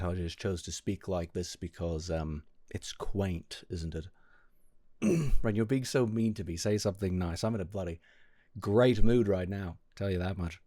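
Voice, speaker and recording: Slow, wry British-accented male streamer. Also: on the low side, no echo, studio quality. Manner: wry, teasing, meandering, frequent throat-clearing. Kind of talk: casual live-stream chat with viewers. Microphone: close desk mic.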